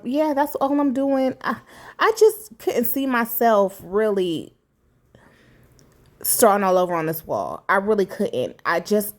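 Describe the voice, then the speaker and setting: A middle-aged woman talking candidly through a home repair in a chatty, casual vlog, with many fillers along the way. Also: medium pitch. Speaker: vlogger. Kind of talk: casual DIY vlog narration.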